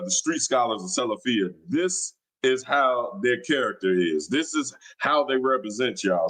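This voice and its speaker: A man's voice: mid-range voice, a bit bright, rough recording. Taunting man on a livestream. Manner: combative, taunting, slangy. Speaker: livestream host. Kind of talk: casual livestream talk. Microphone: streaming mic.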